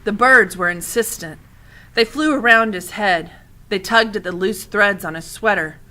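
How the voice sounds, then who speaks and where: Woman reading a kids book out loud, bright voice, chatty asides. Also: mid-range voice, normal speed. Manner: expressive, with asides to listeners. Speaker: audiobook reader. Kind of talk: reading a children's novel aloud.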